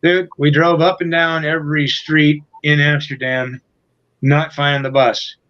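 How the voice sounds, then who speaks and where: A man's voice: a little high, level tone, a little slow, muffled recording. A man guesting on an interview show, telling a profane, rambling tour story in a casual way, full of fillers. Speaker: guest musician.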